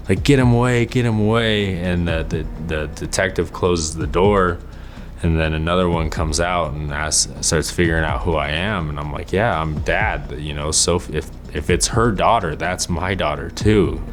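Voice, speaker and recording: A young man recounting a painful memory in a documentary interview, halting and stumbling over his words. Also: rumbling low. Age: young adult. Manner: halting, with restarts and fillers. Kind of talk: emotional personal recollection. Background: faint music.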